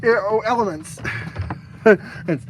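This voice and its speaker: A woman's voice: medium pitch, slow pace, a little hiss or hum, poor audio. Giggly young woman reading her own ideas. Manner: giggly, stumbling and self-mocking. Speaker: fan-game designer presenting ideas. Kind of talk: casual chat reading out her own writing.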